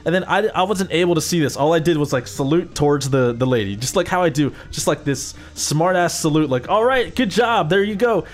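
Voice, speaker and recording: A man in casual chat, telling road stories in a profane, animated way. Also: fairly high pitch, fairly quick, hardly any pauses. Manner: profane, animated storytelling with acted-out quotes.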